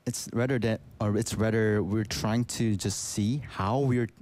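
A man teaching beatboxing in a casual, relaxed way, full of fillers. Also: on the low side, unhurried. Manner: relaxed, filler-heavy explaining with many likes. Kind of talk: casual lesson chat.

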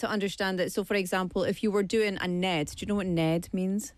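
A woman, chatting in a lively way and correcting herself. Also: medium pitch, brisk, no echo. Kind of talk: casual chat.

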